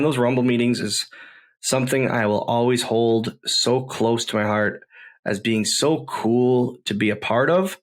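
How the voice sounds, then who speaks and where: A man hosting a podcast, telling wrestling stories in an enthusiastic, rambling way and often repeating himself. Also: mid-range voice. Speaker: podcast host, former wrestler. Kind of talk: casual podcast storytelling.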